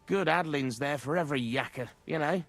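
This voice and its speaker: An actor playing a rough, cheerful miner in a video game, talking in thick miners' slang. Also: male voice, on the high side, brisk, fairly bright tone, no room sound.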